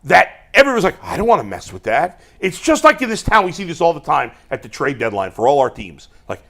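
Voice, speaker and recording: A man's voice: on the high side, wildly swooping pitch, brisk, vocal fry, fairly bright tone. A man hosting a sports talk show, arguing bluntly and emphatically with some swearing. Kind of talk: casual sports debate.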